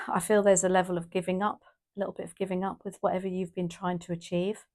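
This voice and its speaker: A woman's voice: on the low side, little pitch movement, quick pace, darkish tone. A woman from the UK doing a casual, emotional tarot reading, rambling with restarts and exclamations. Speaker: tarot reader.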